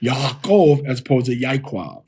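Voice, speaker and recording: A man teaches in a husky, slightly breathy voice. He walks through examples one step at a time, slowing down to sound words out. His pitch sits in the middle of the male range. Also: darkish tone. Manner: explains step by step, reads verses aloud slowly. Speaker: Hebrew teacher. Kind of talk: informal recorded lesson.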